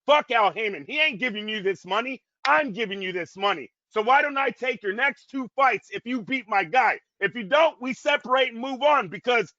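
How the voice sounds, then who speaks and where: A man talks in a high, bright voice, ranting with profane emphasis in a heated casual chat. The audio is dull and dry, like a lo-fi remote podcast feed. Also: fairly quick, few pauses, dry recording. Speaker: boxing podcast co-host.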